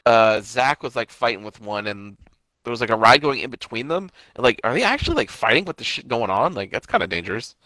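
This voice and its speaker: A man's voice: mid-range voice, animated, fairly quick, bright, forceful tone, dry recording. A man co-hosting a casual chat about a TV show, laid-back, with short replies and asides. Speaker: podcast co-host.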